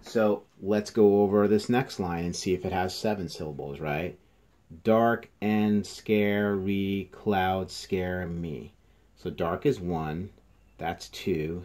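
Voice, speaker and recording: Low-voiced male teacher counting syllables. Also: dark tone. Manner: slow, counts syllables aloud, talks to students. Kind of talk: classroom lesson video. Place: indoors, near a passing train.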